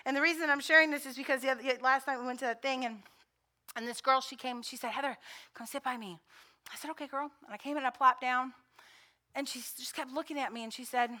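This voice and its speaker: Very high bright woman pastor preaching. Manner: conversational storytelling preaching; swells to loud fervent repetition. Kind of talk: sermon.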